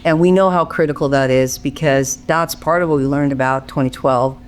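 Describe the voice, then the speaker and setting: A panel moderator praising a guest and introducing the next speaker, measured with frequent fillers. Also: medium pitch, fairly even intonation.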